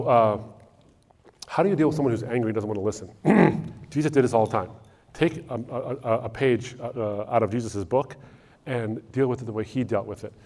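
A male pastor answering audience questions in a sermon, telling lively stories with frequent restarts. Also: medium pitch. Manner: animated storytelling with frequent restarts.

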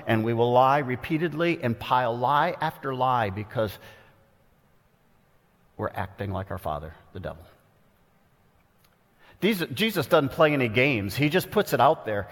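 Man preaching in a reverberant hall. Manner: earnest, pointed, dramatic shifts in pitch for quoted voices. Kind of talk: expository sermon. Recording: long reverb of a large hall.

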